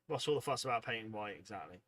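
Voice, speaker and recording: Tired, chatty man with a bright voice. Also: on the low side, lively intonation, fast, dry recording. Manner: chatty, rambling, self-deprecating. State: tired, yawning. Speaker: livestream host. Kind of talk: casual livestream chat reading viewer comments.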